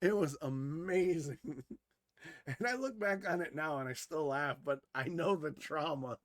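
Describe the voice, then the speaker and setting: Male podcast co-host, high voice, dry close mic, animated storyteller who swears and laughs a lot. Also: unhurried, dry recording. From Wisconsin, USA. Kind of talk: casual storytelling chat.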